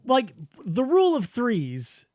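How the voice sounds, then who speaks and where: A man's voice: very high-pitched, takes it slowly, no room sound, studio quality. A man co-hosting a podcast, chatting casually and comically about a book, swearing and acting out quotes. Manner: animated, swearing, acts out witness quotes. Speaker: podcast co-host. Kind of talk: casual comedic book discussion.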